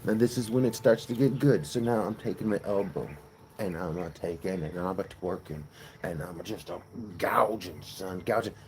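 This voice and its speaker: A livestream host with a deep voice and moderate pace chats playfully on a casual stream, spinning a long joke as a storyteller. Slight background noise is present.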